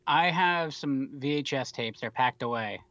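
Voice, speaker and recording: A man's voice: mid-range voice, unhurried, bright, forceful tone, dry recording, dull audio. A man co-hosting a podcast in casual chat, making dry, wry remarks. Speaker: podcast co-host.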